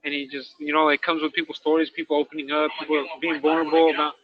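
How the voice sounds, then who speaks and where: A man's voice: fairly high pitch, level tone, fast, crowd noise. A man co-hosting a candid casual talk show, rambling in slang and checking in with "right?" as he goes, recorded with dull lo-fi sound. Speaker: podcast co-host, incarcerated dog trainer.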